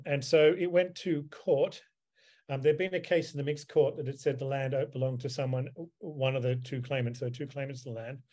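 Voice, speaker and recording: A man gives a seminar talk over a video call, answering questions at length. He wanders through his points with ums and repeated words, in a voice of ordinary pitch for a man. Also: darkish tone. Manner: discursive, with many fillers and repeated words. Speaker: seminar speaker, solicitor advocate.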